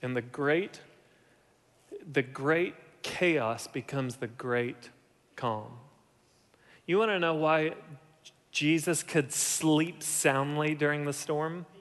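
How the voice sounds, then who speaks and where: A man's voice: slow pace, long pauses. Preaching man in a reverberant hall. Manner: animated preaching, drops to soft low tones for emphasis. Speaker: pastor. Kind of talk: sermon.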